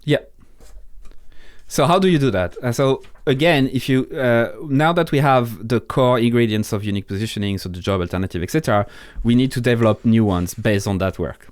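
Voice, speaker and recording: A man's voice: mid-range voice, brisk, dry recording. A man with a French accent, a podcast guest in casual interview talk, blunt and swearing freely, often restarting his sentences. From France.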